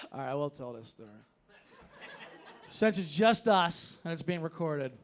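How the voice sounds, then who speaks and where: A man doing a stand-up comedy set on a club stage, telling stories in an animated way and breaking into shouted bits. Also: on the high side, slow. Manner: animated storytelling, bursts into shouted impressions.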